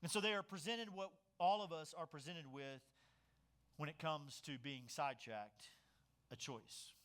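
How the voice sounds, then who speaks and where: A man delivers a sermon as a pastor, his voice bright and slightly high for a man. He tells stories with animated swings, pushing up loud for emphasis and dropping low and quiet for asides. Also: a little slow.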